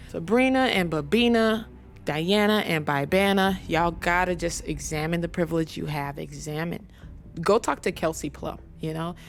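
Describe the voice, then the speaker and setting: A woman hosting a basketball commentary channel, ranting with mock-serious sarcasm in a rambling way. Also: on the low side.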